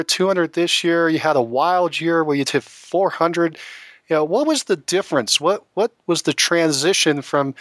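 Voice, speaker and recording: A man's voice: fairly high pitch, a bit bright, dry recording. A man hosting an interview, enthusiastic, asking long and rambling questions. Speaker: interview host.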